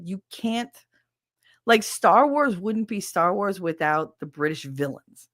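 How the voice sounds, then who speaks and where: A chatty woman with a lowish voice hosts a podcast, talking frankly and swearing freely. She laughs often as she reacts to viewer comments. The sound is close and dry. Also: no room sound. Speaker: podcast host. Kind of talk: casual chat reading viewer comments.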